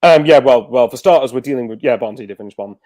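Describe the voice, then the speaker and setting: A man's voice: medium pitch, rapid-fire, a little mellow, no room sound. A man chatting casually as a guest football fan, rambling with lots of fillers and restarts. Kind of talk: casual video call chat.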